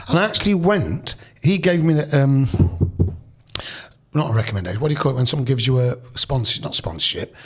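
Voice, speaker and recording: A middle-aged man, guesting on a podcast and spinning rambling, animated stories. He trips over his own restarts and slips into voices for the people he quotes. His tone is husky, with a mid-range pitch. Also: fairly quick. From Leicester, England. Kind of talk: casual storytelling interview.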